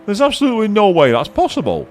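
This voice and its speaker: A man's voice: high voice, huge pitch swings, fast, soft background music. A man giving casual live commentary on a video game, chatting to viewers and swearing now and then. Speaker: let's play streamer.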